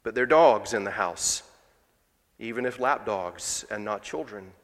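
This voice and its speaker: Conversational pastor in a reverberant church. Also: male voice, fairly low pitch, a little slow, fairly bright tone. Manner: conversational, with rhetorical questions. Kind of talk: sermon. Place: church sanctuary.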